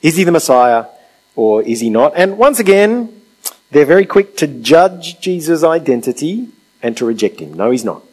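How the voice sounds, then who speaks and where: A man's voice: mid-range voice, darkish tone, low-quality recording. A man preaching a sermon in a conversational way, asking rhetorical questions and acting out quotes.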